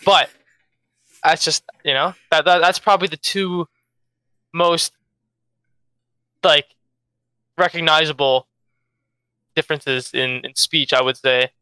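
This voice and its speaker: A man's voice: fairly high pitch, fairly even intonation, slow, pauses often, bright, forceful tone, clean tone, dry recording. A young man from Philadelphia with a pronounced Philadelphia accent, a jet-lagged esports player answering interview questions in a laid-back way and repeating words as he thinks. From Philadelphia, USA. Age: young adult.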